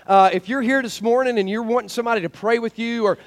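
A male pastor with a drawl preaches in a strikingly high voice. He tells folksy stories, loose and animated, full of fillers and restarts. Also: fast. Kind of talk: sermon.

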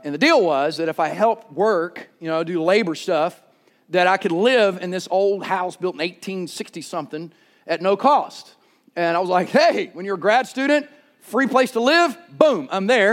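A middle-aged man preaching a sermon, telling stories with lively energy and bursts of shouting. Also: on the high side. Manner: animated storytelling, shouts during anecdotes. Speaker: pastor.

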